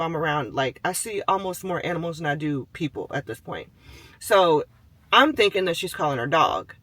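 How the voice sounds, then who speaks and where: A man with a high, bright voice tells a personal story in a relaxed, rambling way. He leans on "like" and "you know" and acts out the voices of everyone in the tale. The sound is dry and close, with no room echo. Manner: animated, acts out the voices of people and animals in his story; chatty, with many fillers like "like" and "you know". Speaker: vlogger telling a personal story. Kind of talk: casual storytelling.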